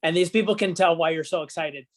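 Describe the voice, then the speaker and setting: A man's voice: fairly high pitch, quick pace. A man leading the interview as host, asking questions and coaching in an encouraging way with everyday analogies. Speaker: team leader and host.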